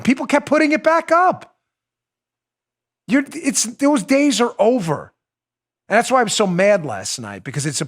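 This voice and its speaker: A man with a somewhat high voice runs an opinionated political talk show. He talks in a heated, emphatic way, repeats lines for weight, and slips into sarcasm. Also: a bit bright. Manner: emphatic, repeats points for stress.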